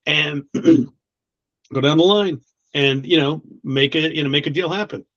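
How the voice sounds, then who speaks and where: A man working as a recruiter, chatting casually in an interview, blunt and quick to swear, laughing often between many restarts. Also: a little high, fairly bright tone, dry recording, dull audio. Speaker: guest recruiter.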